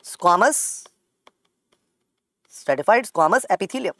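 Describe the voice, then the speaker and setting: A man's voice: high-pitched, lively intonation, unhurried, a bit bright, no room sound. A man with an Indian accent giving a medical exam-prep lecture, repeating every key point several times and calling his students "beta".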